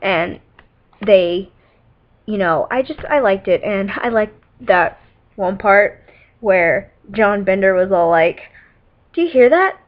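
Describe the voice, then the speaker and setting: A woman's voice: mid-range voice, takes it slowly. A teenage girl vlogging about movies, chatting casually and rambling with lots of "like" and "um" and giggly asides. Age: teens. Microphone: webcam. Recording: dull lo-fi webcam audio.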